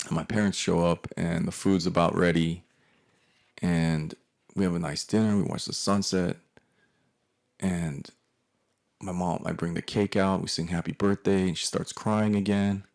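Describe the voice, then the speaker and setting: A man's voice: low voice, fairly even intonation, measured pace, creaky, pauses often, a little mellow. A man in his forties telling a profane, rambling comic story about his family, with frequent restarts. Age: 40s. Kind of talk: comedic personal storytelling.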